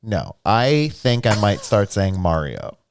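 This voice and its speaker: A young man co-hosting a casual gaming livestream, animated and playfully argumentative. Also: fairly low pitch, slow, smooth. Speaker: livestream co-host. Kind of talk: casual gaming stream chat.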